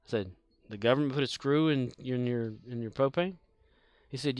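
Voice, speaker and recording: A man's voice: mid-range voice, normal speed, long pauses, dry recording. A man streaming a game, telling a long casual story in a rambling way with many fillers and chuckles. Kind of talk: casual storytelling while gaming.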